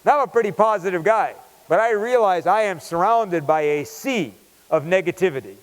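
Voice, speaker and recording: A man tells a lively story during a keynote, chatty and animated. His voice sits a bit high for a man. A long reverb from a large hall follows each phrase. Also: normal speed. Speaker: keynote speaker.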